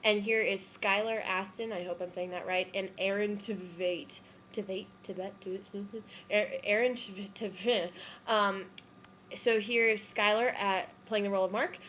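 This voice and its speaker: A woman's voice: mid-range voice, steady tone, unhurried, a bit bright, a little hiss or hum. A woman giving casual commentary on musical theatre recordings, chatty and hedging, with frequent ums and self-corrections. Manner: unsure, hedging her opinions.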